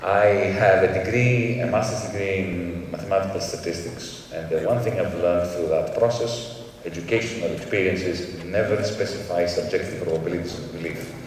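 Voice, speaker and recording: A man from Greece answering as a panel guest in a deliberate, emphatic, professorial way. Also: low voice, fairly even intonation. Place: large conference hall. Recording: echoey hall from far off.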